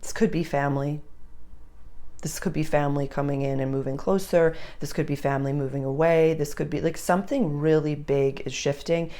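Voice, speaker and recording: A woman's voice: low-pitched, fairly even intonation, brisk, dark tone. A woman giving a casual, chatty astrology reading, speaking straight to the listener and sometimes dropping to a whisper. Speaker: astrology reader.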